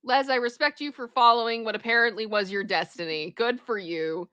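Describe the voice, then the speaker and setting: A woman hosting casual reaction commentary, chatty and expressive and quick to laugh. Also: fairly high pitch, clear, resonant tone, no echo, dull audio. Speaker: pop culture reaction host.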